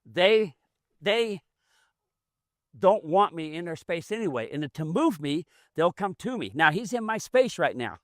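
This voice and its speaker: A man's voice: high voice, very animated, unhurried, a bit bright, no room sound, clean studio sound. A man running a hands-on mule training demonstration outdoors, explaining in a folksy, plainspoken way as he works. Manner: folksy, explains as he works, drawling rural grammar.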